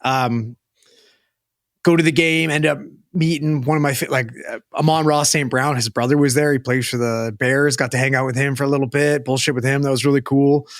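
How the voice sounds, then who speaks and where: Speaking a little fast in a steady, medium-pitched voice, this podcast co-host, a young man from Western Canada, spins a meandering, profanity-laced story in relaxed conversation. He's close-miked, with no room sound.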